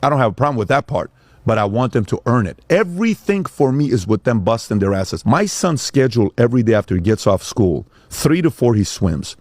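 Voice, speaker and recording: A middle-aged man and father telling a story in casual talk, animated and acting out quotes in voices. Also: mid-range voice, brisk, no echo. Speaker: father and speaker.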